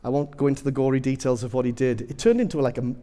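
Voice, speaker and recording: A man's voice: medium pitch, quick pace, mellow, big-room sound. A man preaching a sermon, telling humorous personal stories with self-deprecating asides.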